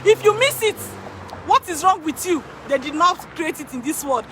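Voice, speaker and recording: A woman working as an immigration consultant, talking excitedly to her viewers, repeating phrases for emphasis and laughing often. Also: very high voice, moderate pace, a little hiss or hum. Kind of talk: excited direct-to-camera talk. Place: in Canada.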